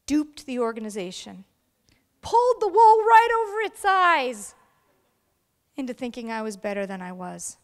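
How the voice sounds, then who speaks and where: In a large event hall, a middle-aged woman gives a keynote storytelling speech. Her voice is high-pitched with a big-room sound, and she performs the voices of the people she quotes.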